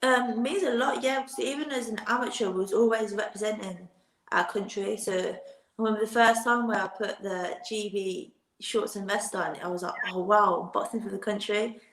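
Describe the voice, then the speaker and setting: A woman's voice: mid-range voice, fairly even intonation, moderate pace, fairly bright tone. A British woman giving plain-spoken interview answers as a guest, with frequent restarts. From Britain. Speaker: guest, professional boxer. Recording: roomy remote audio.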